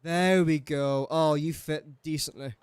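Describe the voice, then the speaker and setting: A man's voice: a little high, steady tone, unhurried, darkish tone, clean tone, no echo. A young English man streaming a game, chatting and joking to himself and to the characters on screen. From England. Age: young adult. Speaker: gaming streamer. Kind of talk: casual gameplay commentary.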